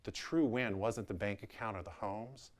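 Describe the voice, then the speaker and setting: A man's voice: fairly low pitch, moderate pace. A man in his thirties with a New Orleans accent, telling a personal story candidly and acting out the people in it. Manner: animated, candid, quotes people in their voices. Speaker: real estate agent.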